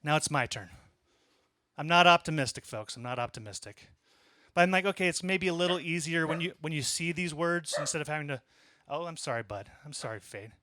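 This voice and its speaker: A man in his thirties telling a conversational story in a stand-up set, with deadpan asides. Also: fairly high pitch, quick pace. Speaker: stand-up comedian. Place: small comedy club.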